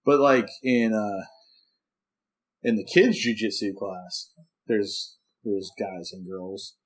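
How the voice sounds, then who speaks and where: A man co-hosting a casual podcast, an animated storyteller who acts out what he says to his dog. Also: on the low side, takes it slowly. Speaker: podcast co-host. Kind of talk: casual chat.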